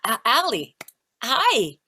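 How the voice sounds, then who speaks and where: A woman's voice: fairly high pitch, wildly swooping pitch, slow pace, sharp tone, husky, no echo, studio quality. A woman hosting a podcast interview over a video call, praising and encouraging her guests. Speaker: podcast host.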